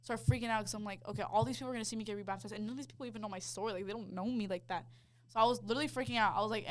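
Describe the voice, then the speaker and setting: A woman's voice: mid-range voice, fairly even intonation, rapid-fire. A young woman sharing a heartfelt personal faith testimony in casual chat, with lots of "like" fillers. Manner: heartfelt storytelling, full of "like" fillers. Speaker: podcast co-host sharing her testimony.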